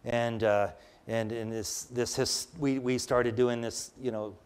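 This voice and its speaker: A man's voice: mid-range voice, steady tone, unhurried, a little mellow, smooth. An older man giving a conversational lecture, telling personal stories in a chatty, rambling way with frequent restarts. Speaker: public speaker.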